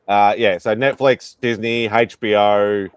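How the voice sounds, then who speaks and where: A man's voice: lowish voice, steady tone, measured pace, clear, resonant tone, no room sound. A man chatting casually on a panel, hesitant and rambling with many fillers. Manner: rambling, hesitant, lots of ums. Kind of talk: casual online hangout chat.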